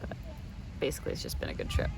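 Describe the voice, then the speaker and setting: Chatty vlogging mom, recorded outdoors on camera audio with water noise clearly heard behind her. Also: racing. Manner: chatty, with frequent ums and restarts. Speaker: mother and vlogger. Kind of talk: casual family travel vlog. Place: outdoors on a paddle board on the water. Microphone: handheld camera.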